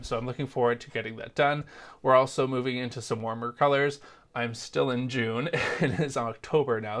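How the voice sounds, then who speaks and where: A young adult man from Canada talks to the camera in a relaxed, chatty vlog voice at a mid pitch. He jokes about himself and drifts into friendly asides. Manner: chatty, self-deprecating, jokey asides. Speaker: crochet vlogger. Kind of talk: casual vlog chat.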